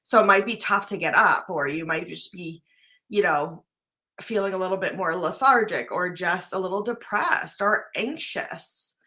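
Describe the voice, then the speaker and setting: A woman's voice: fairly low pitch, normal speed, pushed and bright. A woman life coach talking casually to her viewers, earnest and chatty, often checking in with "right?". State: briefly choked up at times. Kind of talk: casual talk to camera.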